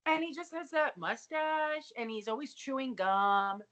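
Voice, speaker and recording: A woman co-hosting a comedy podcast, recapping a TV episode in casual, profane, animated chat. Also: high-pitched, measured pace. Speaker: podcast co-host.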